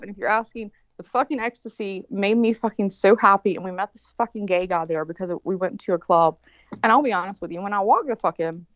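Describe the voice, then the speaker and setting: A woman's voice: mid-range voice, no echo, lo-fi sound. A woman in her forties, co-host and producer, telling a long story in casual chat, swearing freely and rambling through the details. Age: 40s. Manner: profane, rambling, animated storyteller.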